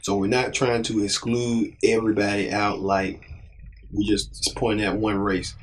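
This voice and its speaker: Male host, low voice, halting casual commentary, faint noise behind. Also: little pitch movement. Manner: halting, repeats words. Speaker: show host.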